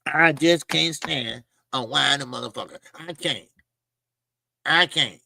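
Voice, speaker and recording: A man hosting a boxing talk show, ranting in loud, emphatic, mocking casual commentary with plenty of swearing. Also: a little high, takes it slowly, creaky, dry recording.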